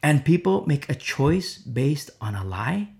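A man's voice: fairly high pitch, big pitch swings, unhurried, gravelly, a little mellow. A man preaching an informal sermon, impassioned and rambling, with many fillers and repeated phrases.

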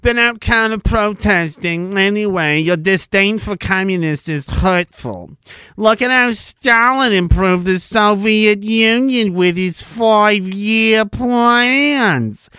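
A man voicing a whiny, preachy young woman who scolds in a slow, high drawl. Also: pushed and bright, clear, resonant tone, no echo, soft background music, full character voice, low-quality recording.

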